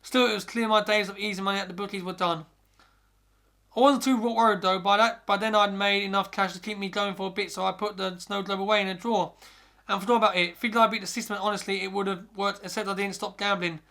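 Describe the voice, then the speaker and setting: Podcast host reading horror, stumbles often, bright tense voice, high pitch. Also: male voice, steady tone, fast talker. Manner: first-person narration with frequent stumbles and restarts. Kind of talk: reading a scary story aloud.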